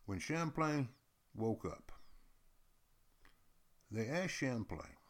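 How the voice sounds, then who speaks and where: A male storyteller recounts history in a lively, folksy spoken style. He speaks at an ordinary middle pitch and often turns to address his listeners directly. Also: very slow. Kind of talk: oral storytelling.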